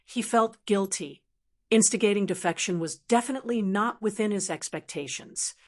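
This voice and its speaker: A woman reading a fantasy novel aloud as an audiobook narrator, in a steady, even storytelling voice. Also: medium pitch, normal speed.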